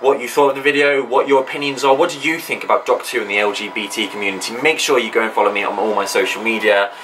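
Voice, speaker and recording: Bright-voiced chatty male vlogger. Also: lowish voice, steady tone, fast talker, a little hiss or hum, rough recording. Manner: enthusiastic, chatty, with frequent ums. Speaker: channel host. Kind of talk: casual vlog talk to camera.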